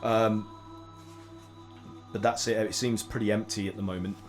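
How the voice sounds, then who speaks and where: British man, dungeon master, low voice, light music behind, easygoing scene-setting. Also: level tone, normal speed. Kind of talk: narrating a tabletop game.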